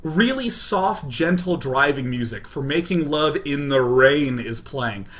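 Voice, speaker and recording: A young man from Kansas telling a comedic personal story in an animated, self-deprecating way, peppered with "like". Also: fairly high pitch, a little slow, music in the background. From Kansas, United States.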